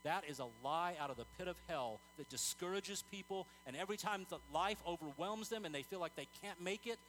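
Earnest man preaching a sermon, slightly high voice. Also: brisk, fairly bright tone, a little hiss or hum, poor audio. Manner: conversational, earnest, tells stories, many fillers and restarts.

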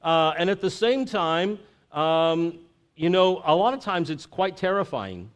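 A middle-aged pastor from Florida gives a conversational sermon in a relaxed, halting way, full of fillers and restarts. His voice is clear and slightly high.

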